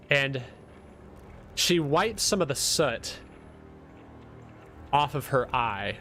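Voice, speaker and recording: A man narrating a tabletop game as dungeon master, halting with fillers. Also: medium pitch, big pitch swings, bright, forceful tone, soft background music.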